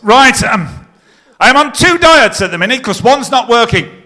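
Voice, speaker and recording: A middle-aged man compering on stage, his voice pitched high and ringing bright and forceful. He tells jokes with deadpan punchlines and teases the crowd in front of him. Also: normal speed. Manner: teasing the audience, deadpan punchlines. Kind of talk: live stage compering with joke telling. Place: stage in a pier theatre before a live audience.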